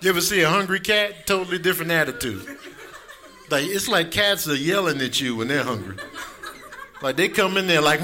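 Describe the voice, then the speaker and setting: A man with a high, bright speaking voice works through a stand-up set in a loose, animated way. He laughs often and keeps his delivery playful. A noisy live room sits behind him throughout. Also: a little fast. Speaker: stand-up comedian.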